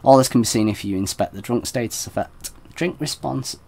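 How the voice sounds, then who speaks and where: Chatty man with a low voice. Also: steady tone, quick pace, dark tone. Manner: chatty, self-deprecating, laughs easily. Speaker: game streamer. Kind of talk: let's play commentary.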